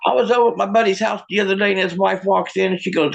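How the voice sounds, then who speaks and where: A man doing a stand-up comedy set, with deadpan one-liners and halting restarts. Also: high voice, vocal fry.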